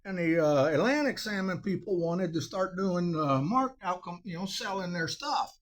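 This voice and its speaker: A man's voice: high-pitched, lively intonation, moderate pace. A man, hosting a cooking show in a folksy, rambling way. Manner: folksy, drawling, with frequent uh fillers.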